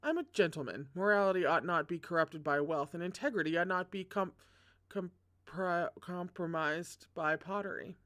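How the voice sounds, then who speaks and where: A reader voicing a timid but stubborn little girl in a read-aloud novel, soft and quivering. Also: medium pitch, moderate pace, natural voice. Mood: nervous.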